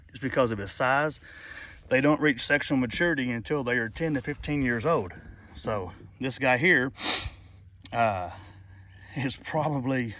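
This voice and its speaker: A man's voice: medium pitch, fairly bright tone. A middle-aged man hosting a casual nature vlog outdoors by a pond, talking in a folksy, rambling way. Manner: folksy, chatty, rambling with fillers. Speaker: channel host.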